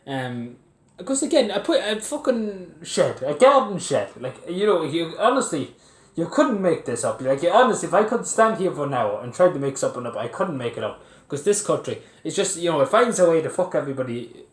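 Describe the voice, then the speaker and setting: This young Irish vlogger is brisk, his slightly high voice swinging widely in pitch as he angrily vents to camera at home. He curses and laughs bitterly over what he recounts. It's recorded in an echoey room on a phone or camera turned sideways.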